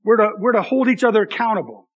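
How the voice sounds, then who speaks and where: A man's voice: high voice, quick pace, slightly rough, dull audio. A man in his thirties, a pastor giving a conversational, self-deprecating sermon with frequent asides to the congregation.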